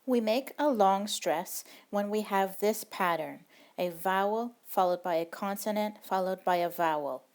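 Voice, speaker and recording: A woman's voice: mid-range voice, measured pace, a little mellow. A woman teaching a recorded language lesson, explaining rules patiently and step by step.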